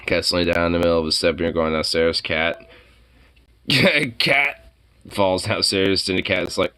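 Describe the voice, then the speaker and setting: A man's voice: low voice, unhurried, pushed and bright, clean tone. Rambling, foul-mouthed man on a stream. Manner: rambling, profane, many filler words. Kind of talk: casual stream chat.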